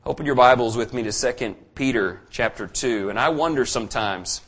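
A man's voice: mid-range voice, a little fast, fairly bright tone. A man preaching a sermon, telling a personal story earnestly and building to fervent emphasis.

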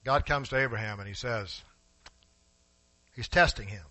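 A man preaching a sermon in a church, emphatic and rising to forceful peaks, speaking directly to his congregation. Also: mid-range voice, normal speed, pauses often, no echo, poor audio. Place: church sanctuary.

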